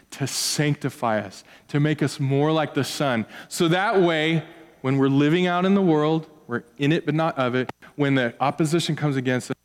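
A man preaching a sermon, climbing high on his questions and dropping soft on his key points. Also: big-room sound. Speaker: pastor.

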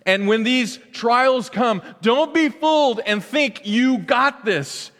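A man in his thirties preaching a sermon in an animated way, acting out quoted prayers and cries. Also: extremely high pitch, slow pace, hardly any pauses. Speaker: pastor. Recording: long reverb of a large hall.

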